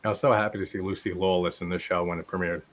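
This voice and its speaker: Man, low voice, relaxed live-stream host, giggly, casual cursing. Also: racing. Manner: laughs often, swears casually. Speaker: watch party host.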